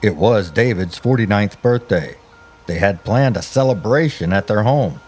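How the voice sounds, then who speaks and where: Low-voiced man narrating true crime. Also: expressive, normal speed, a little mellow, husky, faint music behind. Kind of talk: scripted narration.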